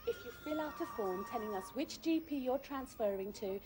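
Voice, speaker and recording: British receptionist, high voice, firm but sorry. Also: female voice, lively intonation, brisk, noisy background. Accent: British English. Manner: firm and apologetic. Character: firm receptionist guarding a doctor's records. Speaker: doctor's receptionist. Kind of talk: British TV drama acting.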